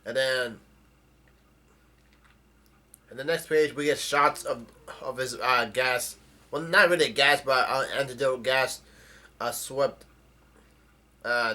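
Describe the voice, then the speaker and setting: Man, bright forceful voice, casual halting comic recap. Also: medium pitch. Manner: halting, with frequent restarts while retelling scenes. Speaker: manga chapter reviewer.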